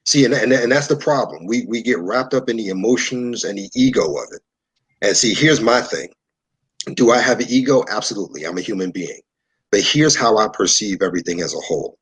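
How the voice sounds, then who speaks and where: A man from New York, a show guest, telling a story in a relaxed, conversational way and acting out what people said. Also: fairly low pitch, fairly quick, slightly rough, rough recording. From New York, USA. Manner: animated storyteller who acts out dialogue.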